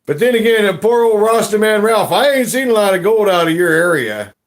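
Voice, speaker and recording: A man hosting a casual gold panning chat, rambling in a slow, folksy drawl with slangy grammar, laughing often while drinking beer. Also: high-pitched, very animated. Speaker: gold panning channel host.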